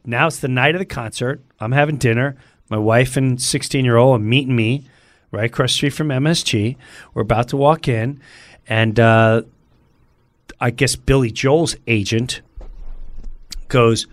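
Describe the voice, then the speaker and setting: A middle-aged man telling a story in a casual chat, animated and acting out every voice. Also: mid-range voice, normal speed, pauses often, no room sound.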